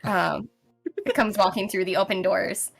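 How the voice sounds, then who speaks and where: Woman game master with a mid-range voice, casual and rambling as she narrates, soft music underneath. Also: medium pitch, steady tone, moderate pace, creaky. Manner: casual, rambling, with many fillers.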